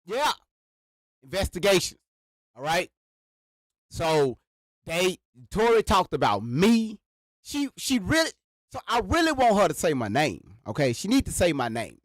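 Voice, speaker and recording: A man with a high, lively voice that leaps up and down as he rants to his livestream chat. He speaks into a close microphone in a dry, dead room and calls out to his viewers again and again. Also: no room sound. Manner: animated, repetitive, addresses viewers directly. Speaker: livestream host. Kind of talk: live reaction rant to chat. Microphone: sits behind a microphone.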